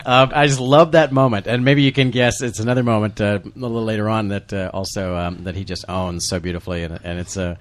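A man's voice: lowish voice, flat delivery, brisk, hardly any pauses, no echo. A man hosting a casual movie commentary, rambling with restarts and laughing often. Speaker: podcast host.

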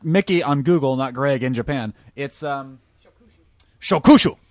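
A man's voice: mid-range voice, moderate pace, no echo. Man reading chat with dry asides. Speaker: podcast co-host reading chat. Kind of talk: casual movie commentary chat.

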